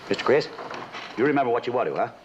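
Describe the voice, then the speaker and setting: An actor in a 1950s western playing a gruff trail hand who jokes in a dry way. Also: male voice, medium pitch, lively intonation, racing, lightly acted. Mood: wry. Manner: dry, joking. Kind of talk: 1950s film acting. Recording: dull, noisy old film soundtrack.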